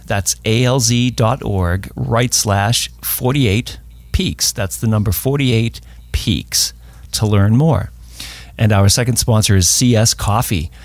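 A man co-hosting a hiking podcast, chatting casually and reading sponsor spots in a steady way. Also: mid-range voice, no room sound. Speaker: podcast co-host.

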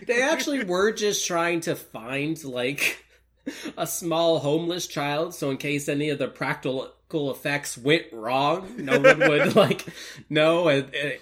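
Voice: mid-range voice, animated, unhurried, fairly bright tone. A co-host on a comedy podcast, telling rambling stories and laughing along. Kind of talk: casual comedic chat.

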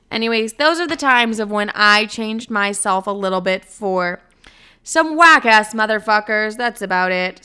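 A woman's voice: mid-range voice, bright, forceful tone, smooth. A young woman hosting a podcast, telling stories in a casual, blunt, profane way and saying "like" constantly. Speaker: podcast host. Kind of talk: casual storytelling monologue.

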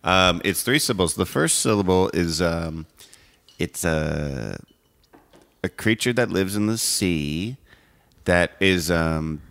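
A deep-voiced man chats casually on a podcast, laughing as he drags out his hints. His voice swings a lot in pitch and has a bright, forward edge. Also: expressive, vocal fry. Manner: playful, giggly, drawn-out hints. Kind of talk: casual chat.

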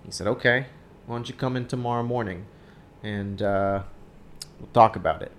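A man's voice: lowish voice, moderate pace, long pauses, a little hiss or hum. A man co-hosting a podcast, joking around in a casual, profane, slangy way. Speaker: podcast co-host. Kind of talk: casual banter.

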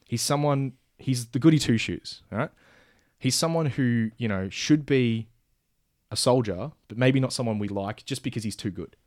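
A man in casual chat pitching a film idea, rambling with many fillers and restarts, now and then acting out characters' lines. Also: normal speed, darkish tone, dry recording, studio quality.

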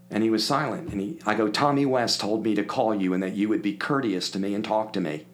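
Older man telling lively stories, lowish voice. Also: a little fast. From Philadelphia area. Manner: animated anecdote-telling, acts out quoted voices. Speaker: podcast guest. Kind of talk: casual storytelling.

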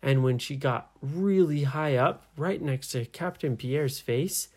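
A storyteller telling an improvised bedtime adventure, slowly and with gentle suspense. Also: mid-range voice. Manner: slow, animated, gently suspenseful.

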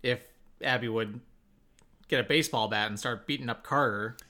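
A man with a bright, forceful voice co-hosts a casual TV recap. He speaks hesitantly and keeps restarting his thoughts. His pitch is ordinary. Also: normal speed. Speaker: podcast co-host.

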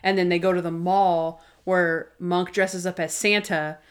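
A woman co-hosting a podcast, chatting casually and recapping TV episodes with lots of "like" and quick asides. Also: fairly low pitch, level tone. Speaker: podcast co-host.

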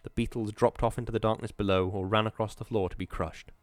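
A man narrating a story as an audiobook, in a steady, measured way. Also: on the low side, no room sound.

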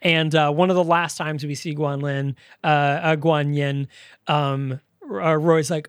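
Man retelling a film, slightly high voice. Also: normal speed, no room sound, clean studio sound. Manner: animated scene retelling with acted-out quotes and laughs. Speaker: podcast co-host. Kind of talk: casual movie review chat.

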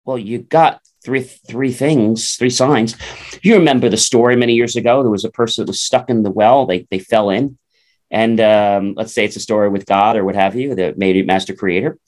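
A man's voice: lowish voice, moderate pace. A man co-hosting a motivational talk show, acting out little dialogues in changing voices as he makes his points. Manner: animated, acts out little dialogues in character voices. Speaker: co-host.

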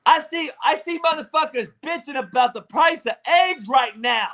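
A man ranting in profane, combative sports talk, with shouting bursts. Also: extremely high pitch, normal speed. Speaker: sports commentator.

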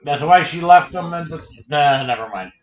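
A man's voice: fairly high pitch, expressive, normal speed. Blunt, crude-joking man in echoey room. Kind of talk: casual chat.

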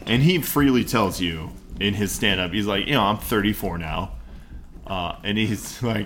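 A man's voice: lowish voice, moderate pace, a bit bright, slight background noise. A man co-hosting a podcast, telling a funny story in casual banter and acting out the quotes. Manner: storytelling, acts out quotes with laughter. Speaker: podcast co-host.

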